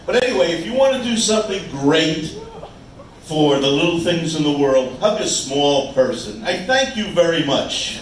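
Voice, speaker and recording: A man doing stand-up on a small club stage, ribbing the audience with quick jabs and stop-start asides. His voice sits a bit high, and it comes across distant and echoing, with a faint hum of the room underneath. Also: lively intonation. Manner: wisecracking, teasing the crowd, halting restarts. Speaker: stand-up comedian. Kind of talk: stand-up comedy set. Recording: echoey room, mic heard from afar.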